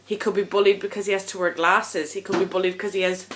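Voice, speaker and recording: A woman's voice: medium pitch, flat delivery, fast talker, fairly bright tone, slight background noise. A young woman chatting casually to camera in a vlog, tired and a little out of breath, rambling and frank with lots of ums. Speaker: vlogger.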